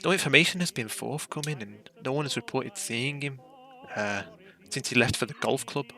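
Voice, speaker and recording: A man's voice: mid-range voice, moderate pace, creaky, faint music behind, voice pushed up. A man voicing a tired, worried older Scottish woman in a tabletop game. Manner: soft lilting put-on lady voice.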